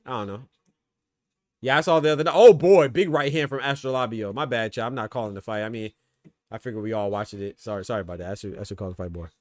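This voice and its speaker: A man's voice: lowish voice, fast talker, a little mellow, no echo, clean studio sound. A man hosting a boxing podcast, giving loose, slangy live fight commentary and talking to his chat.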